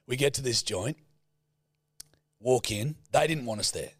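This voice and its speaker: A young Australian man spins a casual, profanity-laced travel yarn. His voice is husky, mid-pitched and dry. He tells it with animated, blokey energy. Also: unhurried, no echo. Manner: sweary, animated yarn-spinning. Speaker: podcast host. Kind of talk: casual storytelling chat.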